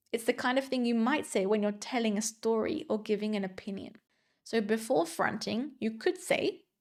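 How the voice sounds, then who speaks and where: A woman with a slightly high voice leads a scripted grammar lesson for exam students. She talks in a clear, measured way and slows down whenever she reads an example sentence aloud. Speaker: English exam teacher.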